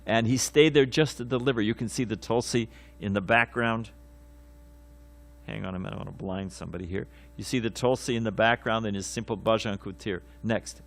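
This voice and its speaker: A man, a swami, giving a devotional morning class, telling stories with many fillers and self-corrections and acting out quotes with sudden loud bursts. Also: fairly low pitch, steady tone, fairly quick, creaky. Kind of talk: devotional class lecture with storytelling. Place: temple class room.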